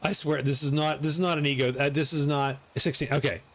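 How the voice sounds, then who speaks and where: A middle-aged man giving live commentary on his gameplay, excitable, swearing and laughing often. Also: on the high side, quick pace. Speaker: game streamer.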